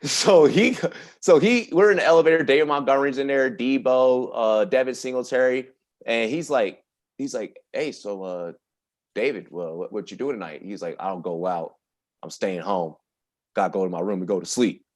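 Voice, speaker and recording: A man recounting a story on a podcast, casual and full of swearing. His voice sits at an ordinary middle pitch. He gets worked up and laughs through the telling. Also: moderate pace. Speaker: podcast guest.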